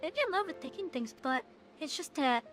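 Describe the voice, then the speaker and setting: A woman voicing an earnest young oracle, reading game lines in a soft, hesitant way. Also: high-pitched, animated, moderate pace, soft background music. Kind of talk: reading game dialogue aloud on stream.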